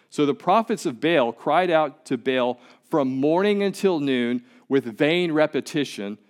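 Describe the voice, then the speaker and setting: Guy preaching a sermon, mid-pitched voice, talks plain and punchy, repeats himself. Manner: conversational and emphatic, with repeated words. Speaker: pastor.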